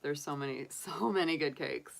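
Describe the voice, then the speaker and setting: A woman's voice: low-pitched, moderate pace, creaky. A middle-aged woman hosting a tarot livestream, chatting casually with viewers, often laughing and talking straight to them. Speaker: tarot reader and channel host.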